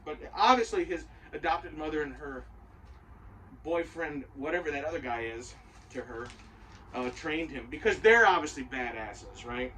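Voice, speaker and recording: A man with a rather high-pitched voice gives an opinionated, rambling show review, swearing freely. He sits some way from the mic. A faint hum of room noise runs underneath. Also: moderate pace, pushed and bright, far from the mic, poor audio. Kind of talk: casual spoken review.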